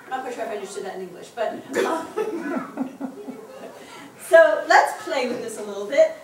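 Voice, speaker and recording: A woman's voice: a little high, animated, normal speed. A woman teaching a Hebrew class, chatty and encouraging, often laughing as she explains. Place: synagogue classroom. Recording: echoey room, distant mic, background noise.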